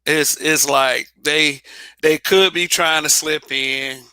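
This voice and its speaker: A man holds forth alone in a blunt, casual monologue, swearing freely and tripping over restarts. His voice sits a little high and rings very bright, and the recording is dry and close. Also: fairly even intonation, slow, clean tone, no room sound. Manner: blunt, repetitive restarts, profane. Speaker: channel host.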